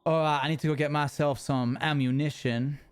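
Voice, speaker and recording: A man's voice: fairly high pitch, fairly even intonation, a little fast, clean tone. A man streaming a survival game, talking to himself in character with folksy rustic phrasing and frequent chuckles. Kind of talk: in-character role-play narration.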